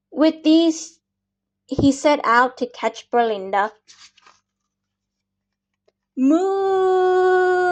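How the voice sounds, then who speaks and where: A woman reads a children's picture book aloud at an unhurried, patient pace, now and then stumbling and starting a phrase again. Her voice sits a little high, and the recording has a dull, lo-fi sound. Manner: slow, patient reading with small slips and restarts. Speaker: storyteller.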